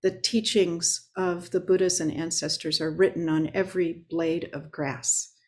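A woman Zen teacher giving a dharma talk, unhurried and reflective, pausing often on filler sounds. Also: lowish voice, flat delivery, darkish tone.

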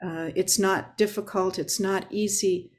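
A woman Zen teacher giving a dharma talk, unhurried and reflective, pausing often on filler sounds. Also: medium pitch, fairly even intonation.

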